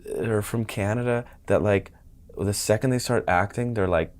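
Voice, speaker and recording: A lively actor telling stories in a podcast interview. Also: male voice, on the low side, normal speed. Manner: animated storytelling, mimics other people's voices. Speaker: actor guest.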